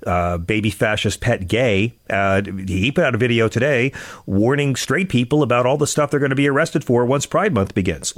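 A man hosting a political talk radio show, sarcastic and joking, a little out of breath, stammering into quick restarts. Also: mid-range voice, expressive, dry recording, clean studio sound.

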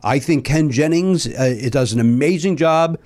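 A man's voice: fairly high pitch, moderate pace. A man hosting a casual comedy podcast trivia game, ranting playfully and swearing. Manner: animated, swears, mock rants. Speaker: host.

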